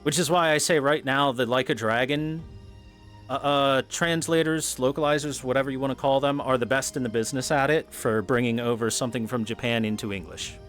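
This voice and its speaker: A man's voice: mid-range voice, steady tone, fairly quick, fairly bright tone, faint music behind. A man streaming a game, talking in rambling casual commentary, swearing freely and laughing at his own points. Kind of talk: casual commentary while gaming.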